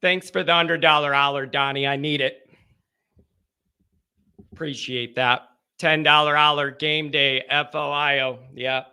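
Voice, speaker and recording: A man's voice: fairly high pitch, steady tone, unhurried, pauses often, bright, forceful tone, smooth. A man hosting a live sports talk show, exasperated and rambling, with sighs between thoughts.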